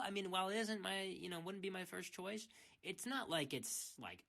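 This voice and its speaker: A young male streamer rants casually, stumbling over restarts and stacking filler swears. His voice is bright and sits fairly high for a man. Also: fairly quick, creaky. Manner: rambling, repetitive "freaking", restarts. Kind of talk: casual rant.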